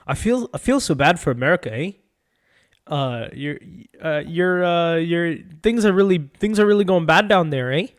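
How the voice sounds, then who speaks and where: A man putting on a Canadian accent, playing a soft-spoken, pitying Canadian man. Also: a little high, expressive, moderate pace, voice pushed up, natural voice. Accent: put-on Canadian. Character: apologetic polite Canadian man.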